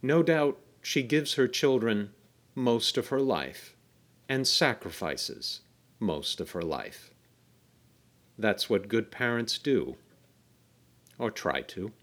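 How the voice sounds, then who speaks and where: Man, podcast host, reading his script with a wry, explanatory manner and a lively voice. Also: fairly low pitch, slow, pauses often.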